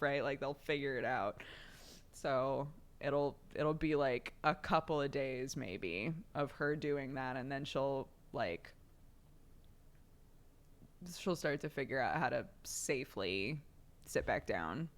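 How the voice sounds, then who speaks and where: A young woman streaming to her viewers, chatting casually and telling stories. Her voice sits low and her pace is slow and easy. She laughs often and drops in the odd swear word. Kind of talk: casual chat.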